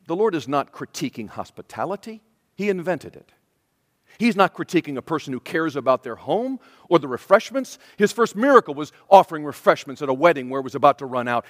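A man's voice: sits high, big-room sound. A middle-aged male pastor preaching a passionate sermon, often speaking as Jesus would to his listeners. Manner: impassioned, voices Jesus speaking directly to listeners.

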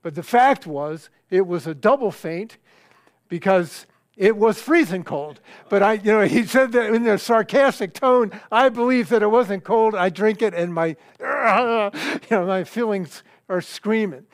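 An older man preaching a sermon, reading scripture and telling a story in a halting, conversational way with fillers and restarts. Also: high-pitched, expressive, no room sound, studio quality.

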